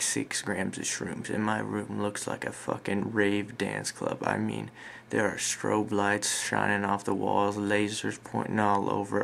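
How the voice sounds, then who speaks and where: A young man telling comic stories about his parents in a deadpan, laid-back, crude way. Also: fairly low pitch, slight background noise. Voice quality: gravelly. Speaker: comedy vlogger. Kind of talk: comedic storytelling.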